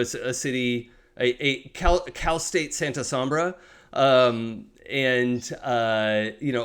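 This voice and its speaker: A man runs a tabletop game at a middle pitch, describing scenes to his players. He hesitates often, circling back with ums and restarts before landing each thought. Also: smooth. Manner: hesitant, many fillers and restarts. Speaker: game master.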